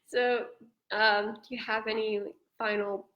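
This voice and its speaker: A woman's voice: on the high side, flat delivery, a little slow, highs cut off. A woman hosting a casual live-stream chat, chatty and laughing often, with lots of 'like'. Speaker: host.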